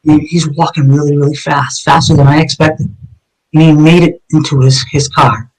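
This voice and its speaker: Middle-aged ex-cop guest, high-ish voice, intense retelling full of restarts. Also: male voice, steady tone, moderate pace, low-quality recording. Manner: vivid and intense, with frequent restarts and repeated words. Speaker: retired detective telling his story as a guest. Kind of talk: dramatic first-person storytelling in an interview.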